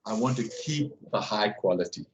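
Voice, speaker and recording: A man with a fairly low voice talks casually over a video call. He speaks haltingly, stacking fillers and restarting his sentences as he thinks aloud. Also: lively intonation, slight background noise, rough recording. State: hiccuping. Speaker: class guide and researcher. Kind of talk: casual conversation.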